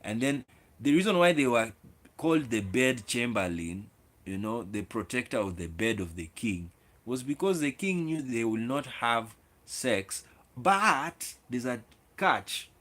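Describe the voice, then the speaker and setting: A man's voice: mid-range voice, animated, unhurried, a bit bright. A man hosting his own video, lecturing viewers directly in an opinionated monologue, with repeated words and restarts. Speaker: video host.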